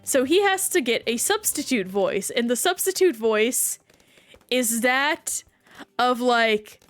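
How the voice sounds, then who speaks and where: A woman streaming a game, chatting casually and rambling while reacting to play and chat. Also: fairly high pitch.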